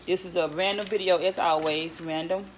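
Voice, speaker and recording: Woman, lowish voice, rambling cooking vlog, stutters and restarts, pots and cutlery clattering around her. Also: fairly even intonation, normal speed. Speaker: home cook vlogger. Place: home kitchen. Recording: home recording with clear kitchen noise. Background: clinking pots, pans and cutlery.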